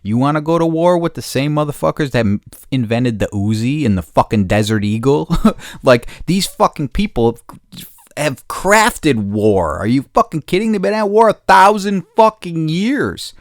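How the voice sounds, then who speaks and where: An American man hosting a podcast, ranting bluntly with constant swearing, swinging between low mutters and loud outbursts. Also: very animated, moderate pace, no echo, studio quality. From United States. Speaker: podcast host. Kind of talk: profane opinion rant.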